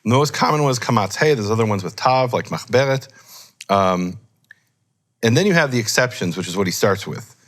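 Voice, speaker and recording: A man with a fairly low voice walks through grammar rules in an unscripted teaching chat. He thinks aloud, pauses on fillers and corrects himself mid-sentence. His delivery is explanatory and patient. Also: animated. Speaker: Hebrew scholar teaching. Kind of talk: informal teaching discussion.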